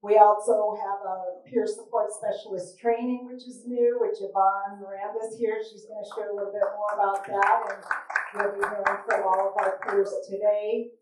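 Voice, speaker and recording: A woman's voice: mid-range voice, little pitch movement, normal speed, a little mellow. A woman, the executive director of a nonprofit, welcoming a live audience and explaining what her organization does. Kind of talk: welcome speech at a live event. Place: event venue before a live audience. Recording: echoey room recorded from a distance.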